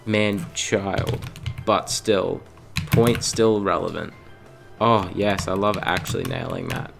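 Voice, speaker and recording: Self-mocking young gamer man, gravelly. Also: low-pitched, slow pace. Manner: self-mocking, excitable, with sudden yelps and gasps. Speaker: let's play host. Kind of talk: gaming commentary. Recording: loud game music behind the voice. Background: loud game music.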